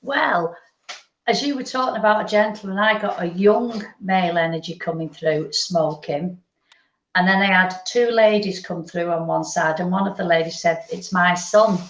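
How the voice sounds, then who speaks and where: A woman medium gives a live spiritual reading, her voice gravelly with fry. She relays messages gently and meanders, and the sound is dull and lo-fi in an echoey room. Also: fairly low pitch, normal speed.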